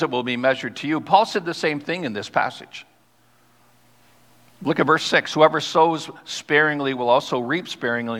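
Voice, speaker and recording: A man preaching a sermon as pastor, reading scripture aloud and slowing down to stress key words. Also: medium pitch, sharp tone. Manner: reads scripture aloud, then explains it. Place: church sanctuary. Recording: long hall reverb.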